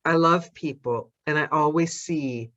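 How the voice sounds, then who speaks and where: A woman's voice: sits low, measured pace, a bit bright, no echo, dull audio. Bubbly, flirtatious woman with dry sound. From Los Angeles, United States. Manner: bubbly and flirtatious, laughs often. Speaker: podcast host. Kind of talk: casual chat.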